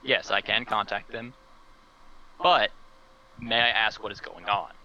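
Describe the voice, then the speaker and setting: Brief: man role-playing at the table, halting and stammery, piercingly bright tone, dull lo-fi audio. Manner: hesitant, stammering, with sudden jumps in pitch. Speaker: player. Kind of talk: playing his character in a tabletop game.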